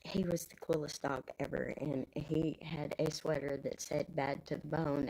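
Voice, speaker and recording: A woman's voice: sits low, little pitch movement, moderate pace, creaky, a little mellow, husky, poor audio. A Texan woman in her fifties with grandkids, rambling casually in folksy talk as a live stream host. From Texas.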